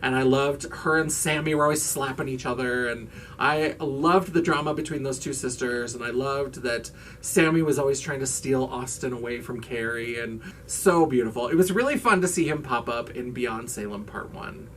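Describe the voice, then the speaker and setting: A man's voice: medium pitch, normal speed, fairly bright tone, distant mic, a little hiss or hum. A man hosting his own vlog in casual chat, gushing and campy, swearing freely as he raves. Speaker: vlogger host.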